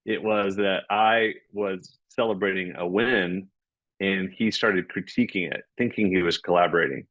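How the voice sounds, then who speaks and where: Low-voiced man, animated podcast guest. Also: normal speed, no echo, lo-fi sound. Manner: animated, acts out dialogue. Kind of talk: conversational explanation.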